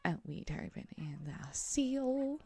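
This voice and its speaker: A woman's voice: sits high, sing-song, slow, creaky, a little mellow, breathy edge. A woman streaming a zoo-building game, chatting casually to herself and her animals with lots of fillers. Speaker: gameplay streamer. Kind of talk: casual gaming commentary.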